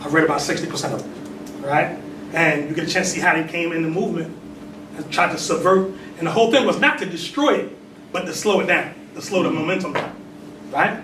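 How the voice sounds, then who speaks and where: A man's voice: fairly high pitch, brisk. A man in his forties preaching in a temple hall. He reads aloud, laughs between points and asks the congregation questions. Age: 40s. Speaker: religious teacher. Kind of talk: sermon with call and response. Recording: echoey hall, mic at a distance, noisy.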